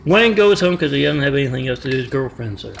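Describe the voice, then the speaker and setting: A man's voice: mid-range voice, animated, fast talker, creaky, slight background noise. A man telling a story in a rambling monologue, full of fillers and asides. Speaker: vlogger.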